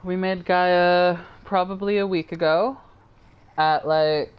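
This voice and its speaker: A woman's voice: lowish voice, steady tone, slow, clean tone, highs cut off. A tired woman streamer chatting casually and rambling to her viewers while she plays a game. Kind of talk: casual live-stream chat.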